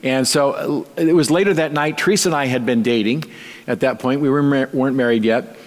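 A man's voice: medium pitch, brisk. A male pastor preaching a sermon in a conversational, storytelling way with light touches of humor. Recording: long reverb.

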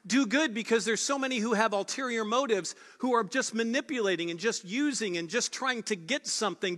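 High bright-voiced male pastor preaching. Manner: earnest and conversational, with emphatic repeated phrases. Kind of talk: sermon. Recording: long reverb of a large hall.

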